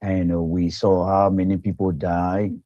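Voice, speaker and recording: A man's voice: low-pitched, level tone, unhurried, dark tone, no room sound. A man calling in to a radio show, speaking earnestly and sounding troubled. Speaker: caller. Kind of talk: call-in commentary. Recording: dull phone line.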